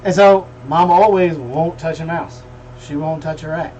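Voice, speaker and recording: A man's voice: a little high, steady tone, normal speed, darkish tone, muffled recording. A middle-aged man hosting a casual livestream, telling folksy jokes and stories. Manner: folksy, joking storyteller. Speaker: livestream host. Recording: distant mic with faint room noise.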